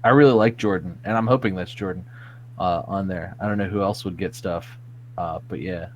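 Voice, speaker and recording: A laid-back man with a lowish voice, chatting casually on a podcast and rambling with plenty of fillers. A faint hum sits under his voice. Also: fairly quick, lo-fi sound. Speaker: podcast guest. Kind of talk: casual chat.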